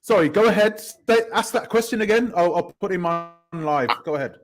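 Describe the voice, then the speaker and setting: A man hosting a live online panel, speaking hesitantly with stammering restarts as he tries to calm the discussion. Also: high voice, moderate pace, rough recording. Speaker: host.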